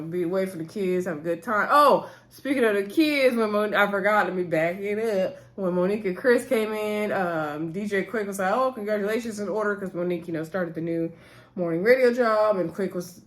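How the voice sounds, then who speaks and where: A woman recapping a reality TV episode in a casual, opinionated chat, talking straight to her viewers in slangy speech. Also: lowish voice.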